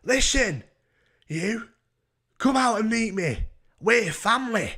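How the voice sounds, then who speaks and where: A man putting on a drunk, raspy-voiced woman in her forties who shouts confrontationally. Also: high voice, lively intonation, slow, pitched above the performer's own voice, full character voice. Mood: shouting.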